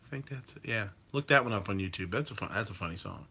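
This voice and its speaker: A man hosts a live stream in a loose, rambling way, with plenty of ums and the odd curse. His voice is bright and forceful. He reacts freely to what his viewers type. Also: fairly low pitch, lively intonation, fast, husky. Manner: rambling, loose, with swearing and many fillers. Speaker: livestream host reading chat. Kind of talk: casual chat.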